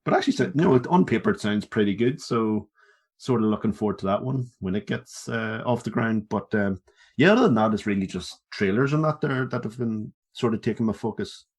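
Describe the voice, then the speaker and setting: A man co-hosts a movie podcast in a relaxed, easygoing chat. He laughs easily and swears freely. His voice sits a little low. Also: brisk, slightly rough. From Northern Ireland. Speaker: podcast co-host. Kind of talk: casual chat.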